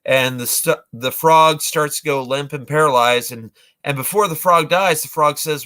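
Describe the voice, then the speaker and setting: Bright-voiced rambling man in his forties. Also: a little high, moderate pace. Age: 40s. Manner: rambling, with many fillers and restarts. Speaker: vlogger, movie reviewer. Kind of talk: casual retelling of films.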